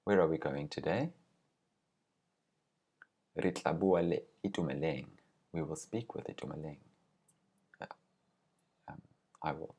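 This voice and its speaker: Man, deep voice, husky, language teacher, patient word-by-word explanation. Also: a little mellow. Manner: patient, explains word by word, slows on key words. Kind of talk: recorded language lesson.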